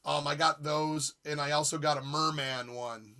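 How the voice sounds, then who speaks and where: A man in his forties hosts a live retro gaming stream in an easy, rambling chat. His voice sits a bit high and sounds bright and edged. He jokes around and reacts to his viewers with excitement. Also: moderate pace. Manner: excitable, jokey, reads chat aloud. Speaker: streamer host.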